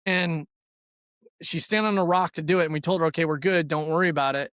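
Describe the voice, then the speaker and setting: Earnest man with a smooth clear voice. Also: fairly high pitch, steady tone, fast talker, a bit bright, no echo, clean studio sound. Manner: earnest, reflective storytelling. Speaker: podcast host. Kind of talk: faith-based conversation.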